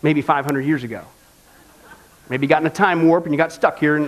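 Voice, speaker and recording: A male pastor preaching a sermon in an animated, folksy way, often asking the congregation for agreement. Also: on the high side, a little fast.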